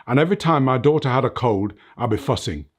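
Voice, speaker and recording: A quick, expressive, mid-range male voice belongs to an earnest older fitness motivator interviewed in his home under film lights. He reflects on life lessons in a motivational way, often finishing points with "right?" or "you know what."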